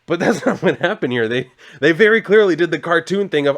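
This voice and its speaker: A man's voice: on the high side, lively intonation, brisk, a bit bright. A man casually recapping a comic book, chatty and sarcastic, swearing now and then.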